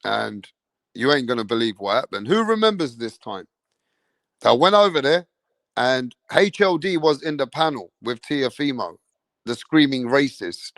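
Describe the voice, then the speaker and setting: Speaking at normal speed with a medium-pitched, expressive and slightly bright voice, an English-accented boxing channel host delivers an angry livestream rant. He swears constantly and repeats himself, and the studio-quality recording has no echo.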